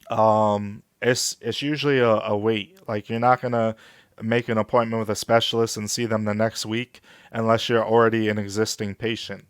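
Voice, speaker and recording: A man candidly telling a personal story in a vlog, halting and emotional at times. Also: mid-range voice, clean tone, dry recording, studio quality. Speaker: vlogger.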